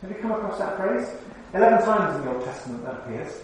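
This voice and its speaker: High-voiced male preacher in echoey church. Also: very animated, quick pace. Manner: conversational, asks the congregation questions. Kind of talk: sermon. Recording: very echoey hall, mic far off.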